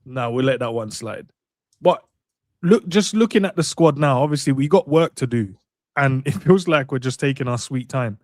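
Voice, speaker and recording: A man chatting on a fan stream in a wry, laid-back way. He drops slang while he talks. His voice is mid-pitched and dry, close to the mic. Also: lively intonation, moderate pace, darkish tone, no echo. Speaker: co-host of a fan talk show. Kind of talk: casual chat.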